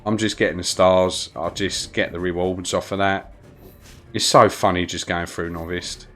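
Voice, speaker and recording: A man with a London accent chats his way through a live gaming stream, rambling between gameplay and greetings to his viewers. His voice sits fairly low. Faint music plays underneath. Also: steady tone, normal speed, a bit bright. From London, England. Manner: chatty, rambling, greets chat viewers while playing.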